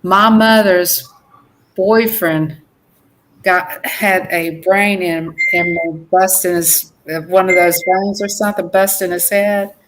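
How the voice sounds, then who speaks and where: An older woman co-hosting a family livestream, telling a personal story slowly and emphatically. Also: fairly low pitch, fairly even intonation, background noise. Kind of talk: casual storytelling.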